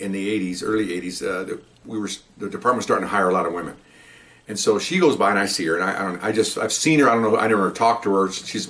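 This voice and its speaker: Older man telling a rapid police story. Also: fairly low pitch, a bit bright. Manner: rambling, with restarts and "okay?" asides. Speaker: veteran police officer. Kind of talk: casual storytelling.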